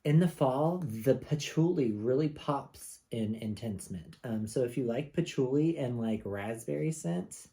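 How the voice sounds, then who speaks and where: A man's voice: medium pitch, animated, a little slow, few pauses, warm tone. A man in his mid-thirties reviewing fragrances in casual, rambling home-studio chat with frequent asides. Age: 30s.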